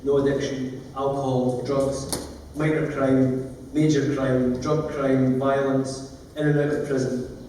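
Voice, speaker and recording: Man, earnest storyteller, mellow voice, distant mic in a big echoey hall. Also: medium pitch, a little hiss or hum. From Scotland. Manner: emotional, earnest, plain-spoken. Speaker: conference speaker, lawyer. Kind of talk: storytelling conference talk. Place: large conference hall.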